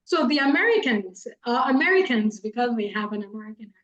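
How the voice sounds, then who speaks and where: Emphatic high-voiced Nigerian woman. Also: lively intonation, brisk, fairly bright tone, dull audio. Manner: emphatic, repeats points for effect. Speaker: guest speaker. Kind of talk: public speaking advice talk.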